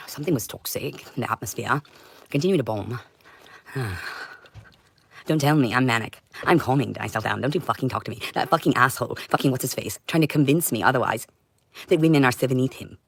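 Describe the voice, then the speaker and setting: A woman's voice: brisk, slightly rough, dry recording. Intense confrontational woman, dry sound. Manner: intense, confrontational, jumps between loud outbursts and low mutters. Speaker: livestreamer. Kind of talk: rambling livestream monologue.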